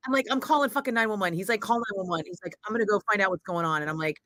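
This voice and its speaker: A bright, forceful woman in her forties tells a story, lively and full of swearing as she acts out each person she quotes. The recording is dry and close, with no room sound. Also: mid-range voice, rapid-fire, few pauses, dry recording, poor audio. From Northern California. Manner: animated, swearing freely, acting out quoted voices. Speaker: radio host telling a story on a livestream. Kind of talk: casual storytelling.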